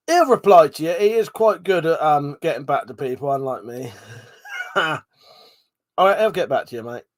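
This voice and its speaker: A man's voice: a little high, dry recording. Sweary man chatting on a livestream. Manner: rambling, sweary, laughs often, greets viewers by name. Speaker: livestream host. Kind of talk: casual live-stream chat.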